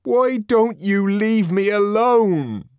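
A man voicing a cornered, furious young outsider in an audiobook, shouting and strained with a pleading edge. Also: high-pitched, lively intonation, slow, smooth, no echo, clean studio sound, voice pushed up. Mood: angry, desperate.

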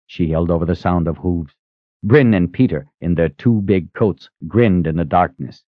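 A man's voice: sits low, moderate pace, no room sound. A man reading a fantasy audiobook as narrator, dramatic and shifting his pace. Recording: slightly muffled dry recording.

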